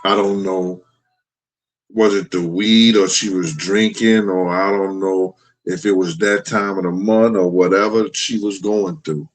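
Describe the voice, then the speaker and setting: A middle-aged man with a lowish voice hosts a livestream and talks straight to his chat. He speaks bluntly and swears freely in a casual, conversational way. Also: fairly even intonation, unhurried, low-quality recording. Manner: blunt, profane storytelling. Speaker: livestream host.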